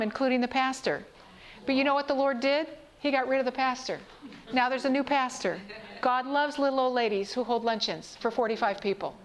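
A high-pitched woman speaking to a congregation in a sermon-style talk. She tells stories and asks her listeners questions. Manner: storytelling, asks the audience questions.

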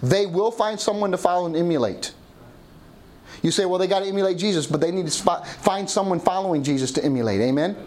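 A man's voice: sits high, fast talker, darkish tone. A middle-aged man preaching a sermon as pastor, often calling out "Amen?" to the congregation. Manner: call-and-response preaching, asking "Amen?".

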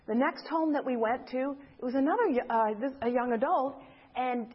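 A high-pitched woman with a husky voice tells a story from her church to a group. She acts out the voices of each person she quotes. The recording sounds dull and lo-fi. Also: moderate pace. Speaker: church member giving a testimony.

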